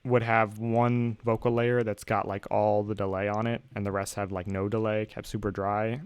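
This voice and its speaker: A man's voice: on the low side, level tone, normal speed, clean tone, no room sound. A young man casually walking through how he made his song, in a laid-back tone full of "like". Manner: laid-back, filler-heavy, uses "like" often. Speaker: music producer explaining his song. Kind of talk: casual tutorial voice-over. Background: his song playing underneath.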